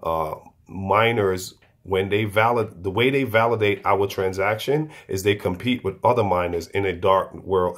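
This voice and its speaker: A man giving an unscripted explanation to viewers, talking haltingly and often restarting and repeating words. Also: sits low.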